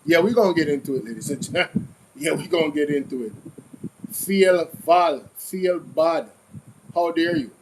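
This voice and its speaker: Jamaican guy ranting on his commentary channel, kinda high voice, faint noise behind, mocking and repeating himself. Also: moderate pace, rough recording. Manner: animated, repetitive, mocking. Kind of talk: casual reaction commentary.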